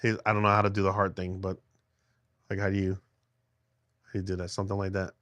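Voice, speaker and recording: A man's voice: sits low, completely flat delivery, quick pace, fairly bright tone, dry recording. A middle-aged man livestreaming from a phone held in his hand at home, chatting with viewers in a rambling way with many restarts. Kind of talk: casual livestream chat with viewers.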